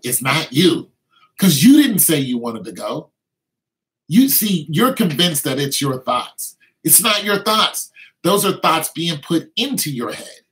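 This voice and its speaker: An emphatic man delivering an informal sermon. His voice sits a little above the usual male pitch. He repeats points and slips into imitations of tempting voices, with phrasing. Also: sing-song, unhurried, fairly bright tone, low-quality recording. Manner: emphatic, repetitive, acts out tempting inner voices. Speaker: preacher.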